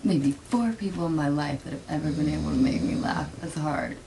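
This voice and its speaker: A woman's voice: sits low, brisk. A woman in a shared bedroom at night, chatting casually and giggling at stories. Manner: giggly, lively reactions. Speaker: reality show houseguest. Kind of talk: late-night casual chat. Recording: hissy live-feed audio.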